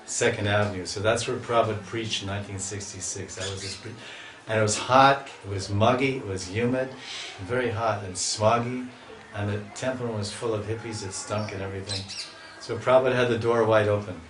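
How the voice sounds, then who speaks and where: A man lectures on scripture in a loose, chatty way, breaking off and restarting his sentences as he tells stories. His voice sits fairly low, and the echoey hall recording sounds like it was picked up from a distance. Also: fairly even intonation, brisk, a bit bright, a little hiss or hum. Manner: chatty storyteller, laughs at himself, restarts often. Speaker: swami giving a scripture lecture.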